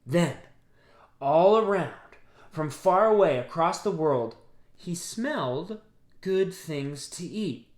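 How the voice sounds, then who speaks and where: A man reading a picture book aloud, gently pausing to ask his listeners questions. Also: fairly high pitch, animated. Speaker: storybook reader. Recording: roomy echo.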